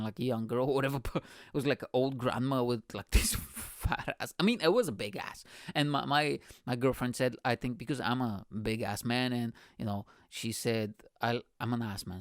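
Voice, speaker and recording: A man's voice: medium pitch, a little fast, no echo, clean studio sound. A man hosting his own podcast, telling a crude, self-mocking comic story. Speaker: podcast host.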